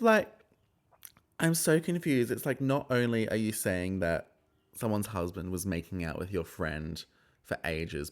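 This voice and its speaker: A low-voiced man recaps a reality episode, gossipy and quick to swear. His pitch jumps around a lot as he gets into the drama. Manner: gossipy, sweary, acts out quotes. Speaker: TV recap host. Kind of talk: casual episode review.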